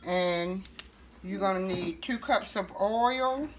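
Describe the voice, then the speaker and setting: A middle-aged woman hosting a casual home cooking tutorial, talking in a relaxed, chatty way with fillers and self-corrections. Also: mid-range voice, takes it slowly, background noise. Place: home kitchen.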